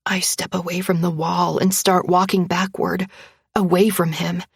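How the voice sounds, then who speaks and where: A woman narrating a first-person romance audiobook in a tense, breathy way. Her voice sits slightly low and husky, and she reads slowly. The recording is dry and close. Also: level tone, dry recording.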